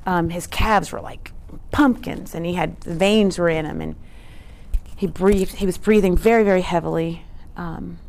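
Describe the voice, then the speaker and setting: A woman's voice: fairly low pitch, moderate pace, vocal fry, darkish tone. A woman presenting a teaching talk in an earnest, conversational way, often asking rhetorical questions. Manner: conversational, frequent rhetorical "right?"; earnest, emphatic.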